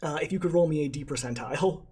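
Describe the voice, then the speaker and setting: A man's voice: on the high side, fast talker, over a noisy crowd. A man narrating as dungeon master in a playful, hesitant way, full of fillers. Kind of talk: narrating a tabletop game.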